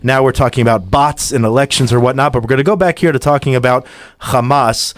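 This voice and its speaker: Male talk-radio host, mid pitch, close dry studio mic, casual and conversational with restarts. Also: fast, no room sound. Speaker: podcast host. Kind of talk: radio talk show hosting.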